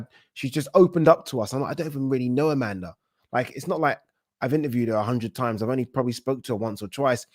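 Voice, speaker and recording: An excitable British man chats on his live stream, swearing now and then as he answers viewers. His voice sits at an ordinary middle pitch. The sound is dry, with no room echo. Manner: excitable, chatty, swears casually. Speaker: boxing livestream host. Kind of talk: casual livestream chat.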